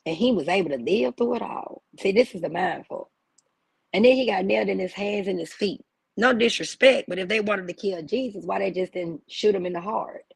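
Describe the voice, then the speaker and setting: A woman's voice: lowish voice, creaky, slightly rough, no room sound. A woman hosting a livestream, ranting in a blunt, profane and preachy way. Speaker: livestream host. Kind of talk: heated livestream rant.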